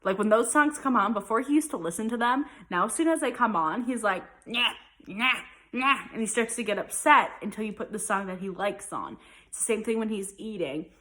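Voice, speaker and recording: Young mom rambling on about her baby, lots of likes and ums, mid pitch. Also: expressive, a little fast, a bit bright. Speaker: mom vlogger. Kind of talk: casual chat.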